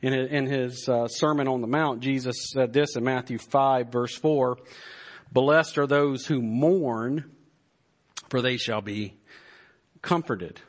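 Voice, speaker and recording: Slow-spoken preacher man. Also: mid-range voice. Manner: slow and deliberate, rising to fervent emphasis when reading psalms; repeats words while searching. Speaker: pastor. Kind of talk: sermon.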